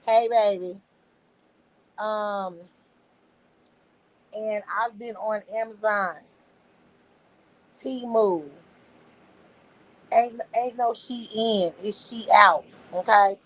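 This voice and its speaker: Slow, laid-back woman streamer chatting. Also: mid-range voice, fairly even intonation, low-quality recording. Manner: laid-back, slangy, talks back to chat with laughs. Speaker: livestreamer. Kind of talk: casual livestream chat. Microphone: phone.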